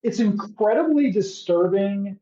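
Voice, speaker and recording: A man's voice: sits high, animated, measured pace, mellow. A man co-hosting a podcast, recapping a show in casual comedic chat with sarcastic, profane riffing. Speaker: podcast co-host. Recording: echoey, dull lo-fi room sound.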